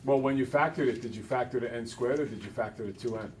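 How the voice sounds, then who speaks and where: A man teaching a math class, brisk and teasing, talking to students in a classroom. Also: medium pitch, distant mic, slight background noise.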